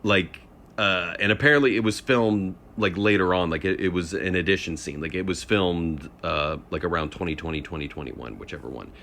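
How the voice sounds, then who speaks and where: A man's voice: deep voice, brisk, a bit bright. A man giving a casual spoken rant, rambling and hesitant with many fillers. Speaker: vlogger.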